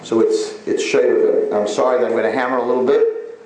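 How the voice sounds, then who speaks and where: A man giving an animated storytelling sermon to an audience, repeating his points for emphasis. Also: medium pitch, brisk. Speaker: religious lecturer. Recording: very echoey room, faint noise.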